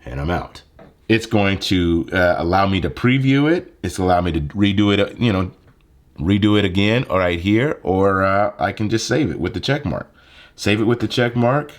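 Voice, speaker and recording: Speaking into a handheld phone mic, a young man explains his phone editing setup and plug-in microphone in a casual tutorial for his tech channel. His low-pitched voice moves at normal speed, relaxed and peppered with fillers.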